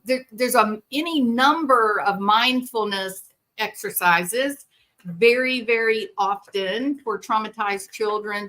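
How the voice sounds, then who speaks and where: A woman speaks in an earnest, animated podcast monologue. Her tone is bright and forward. She is a therapist, and she slips into quoted voices as she tells a story. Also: medium pitch. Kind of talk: conversational monologue.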